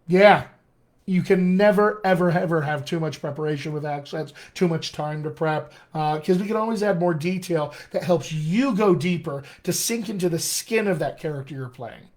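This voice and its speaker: A man's voice: on the high side, moderate pace, a little mellow. Upbeat male dialect coach, General American. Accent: General American with a slight Colorado tinge. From Colorado, USA. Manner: enthusiastic and encouraging, addresses listeners as friends; chatty with frequent fillers and restarts. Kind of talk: live-stream Q&A teaching.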